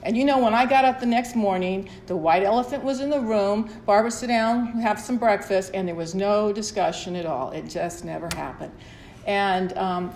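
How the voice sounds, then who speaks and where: This middle-aged woman's voice is mid-range with a darkish tone. Sharing personally at a support meeting, she's candid and rambling, restarting her thoughts. The recording has echo, faint ambience and slight background noise.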